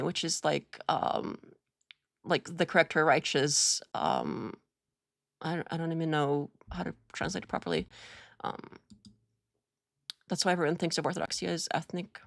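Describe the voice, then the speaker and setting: Streamer host, woman from Russia, low gravelly voice, rambling casual chat. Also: animated, normal speed, no room sound, studio quality. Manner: rambling, hesitant, full of restarts and "like".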